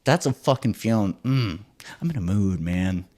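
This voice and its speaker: Animated, foul-mouthed male podcast host. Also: on the low side, moderate pace. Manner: animated, profane, excitable rambling. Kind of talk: solo podcast rant.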